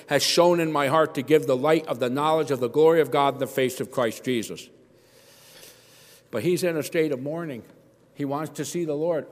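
A middle-aged man preaching an earnest sermon, acting out the voices he quotes. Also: fairly high pitch. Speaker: pastor. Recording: long hall reverb.

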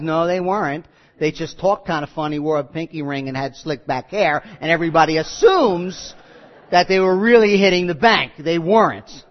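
A man preaching a sermon, telling stories with quoted voices and lively asides. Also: on the high side, moderate pace. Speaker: pastor. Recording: muffled audio with long hall reverb.

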